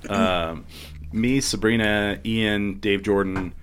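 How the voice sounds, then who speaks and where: A man's voice: lowish voice, steady tone, slow pace, a bit bright, slight background noise. A man casually telling stories in a podcast chat, acting out quoted voices and swearing freely. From New Mexico, USA.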